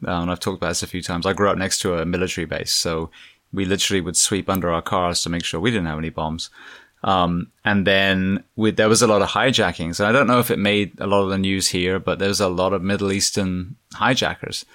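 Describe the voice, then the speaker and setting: A man with a very low, deep voice and an English accent talks reflectively as a podcast host, pausing and using fillers. The sound is dry and close. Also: steady tone, a bit bright, dry recording. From England. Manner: reflective, halting, with many fillers. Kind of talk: casual interview conversation.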